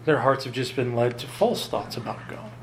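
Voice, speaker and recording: A man preaching a sermon, emphatic and lively, often jumping up in pitch to drive home a point. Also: normal speed, a little hiss or hum. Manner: emphatic, rises sharply in pitch to stress points. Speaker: pastor.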